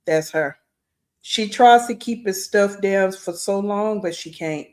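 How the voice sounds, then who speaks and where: A woman's voice: mid-range voice, unhurried, darkish tone. A woman hosting reaction commentary, blunt and critical, talking straight to her viewers. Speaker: commentary host.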